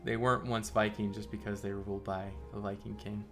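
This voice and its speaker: A man's voice: on the low side, little pitch movement, quick pace, over music. A man streaming live and chatting casually with viewers, thinking aloud in a rambling way and laughing often.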